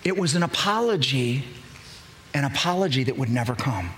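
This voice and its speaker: A man's voice: mid-range voice, lively intonation, normal speed, a bit bright, a little hiss or hum. A middle-aged male pastor preaching a sermon, telling a personal story with frequent restarts and building intensity.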